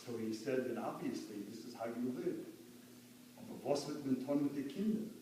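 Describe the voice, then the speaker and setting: A man's voice: mid-range voice, moderate pace, warm tone. A man giving an earnest funeral eulogy, mixing in Yiddish and Hebrew phrases and rising to fervent emphasis. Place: funeral hall. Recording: echoey hall from far off, faint hum.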